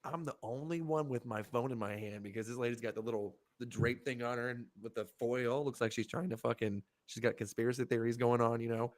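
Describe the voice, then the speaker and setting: Man co-hosting a podcast, profane animated storyteller, middle-aged, dry close sound. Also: mid-range voice, brisk, few pauses, dry recording. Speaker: podcast co-host. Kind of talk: casual podcast chat.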